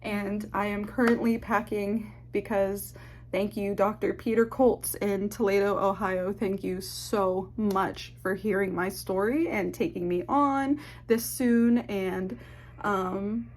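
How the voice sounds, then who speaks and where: A young woman telling a personal story to camera, candid and halting, swearing often and holding back tears. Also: medium pitch, steady tone, slight background noise. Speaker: ASMR channel host. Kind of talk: emotional personal confession to camera.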